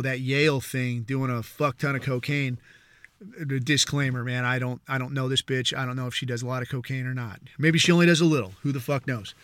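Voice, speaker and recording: A male podcast host in a casual political rant, swearing often, rambling, and dropping "dude" and "man" as he mocks others in quick asides. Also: fairly high pitch, fairly bright tone, no room sound.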